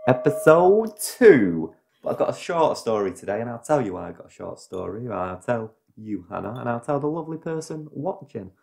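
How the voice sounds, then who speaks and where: A man's voice: mid-range voice, expressive, fairly quick, gravelly, few pauses, darkish tone, soft background music. Joking Mancunian man, casual podcast chat. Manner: playful, jokey, rambling. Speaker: podcast co-host.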